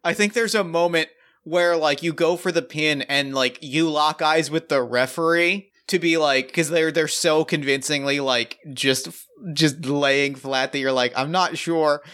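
A man narrating a tabletop game as its game master. His voice is bright and slightly raised. He talks in a loose, rambling way, stacking up fillers and restarts as he goes. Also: fairly high pitch, fairly even intonation, a little slow, clear, resonant tone.

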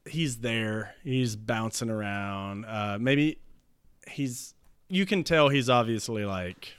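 A man in casual chat, rambling through a made-up movie plot, laughing often and slipping into quick voices for the characters. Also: fairly low pitch, a bit bright, clean tone, dry recording.

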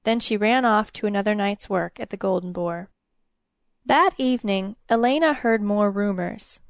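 A woman narrating a story in a measured, even storytelling manner. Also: medium pitch, dry recording, clean studio sound.

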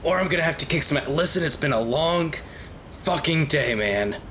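A man's voice: on the high side, expressive, moderate pace, fairly bright tone, slight background noise, pitched above the performer's own voice. Man playing Lore, a cursing dwarf druid. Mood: angry. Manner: blunt, swearing, impatient. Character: gruff, hot-tempered male dwarf druid.

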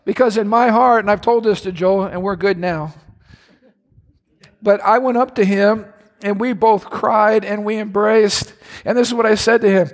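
A pastor preaching a sermon to his congregation, impassioned, his voice climbing higher when he is stirred. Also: moderate pace. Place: large church hall. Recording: reverberant church hall.

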